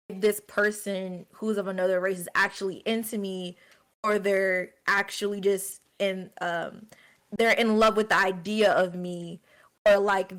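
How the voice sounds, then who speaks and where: A woman talking candidly in a group discussion, slow and hesitant, with many fillers. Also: medium pitch, fairly bright tone. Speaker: stream co-host.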